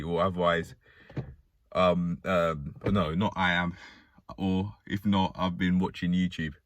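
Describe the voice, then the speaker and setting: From inside a car, a British man vlogs and rambles aloud to himself, musing, joking and swearing. His voice sits low with a fairly bright tone. It plays out as a wandering self-talk monologue.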